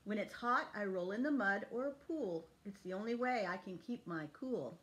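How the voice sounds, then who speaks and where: A woman's voice: medium pitch, expressive, normal speed, fairly bright tone, natural voice. A woman voicing a muddy, snorting pink pig from a storybook, in playful rhymes.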